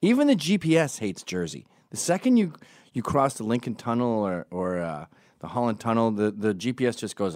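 A man's voice: mid-range voice, very animated, a little fast, a little mellow, no room sound, studio quality. A man hosting a podcast who talks through a casual comic monologue in a profane, rambling and sarcastic way.

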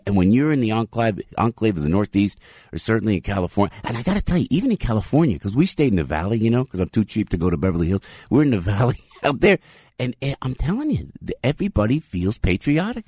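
A middle-aged man hosting a radio show, telling a story with excited emphasis. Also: fairly low pitch, slightly rough, dry recording, studio quality. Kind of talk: animated storytelling monologue.

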